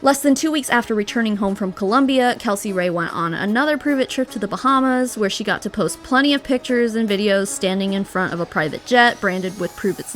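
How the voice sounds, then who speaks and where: A woman's voice: mid-range voice, a bit bright. A woman narrating a scripted commentary video in a sardonic, critical manner.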